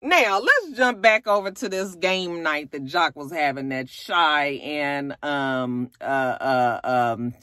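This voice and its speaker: A woman casually recapping a reality show, chatty, profane and animated. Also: takes it slowly, hardly any pauses, dry recording. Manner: animated, profane, chatty, swings into high acted quotes.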